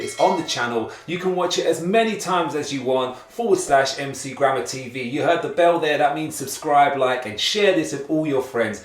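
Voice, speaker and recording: A man hosting a kids' grammar lesson, talking to the class in an energetic, encouraging way. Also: a little high, reverberant, distant mic. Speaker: rapping teacher and show host. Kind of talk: upbeat grammar lesson for kids.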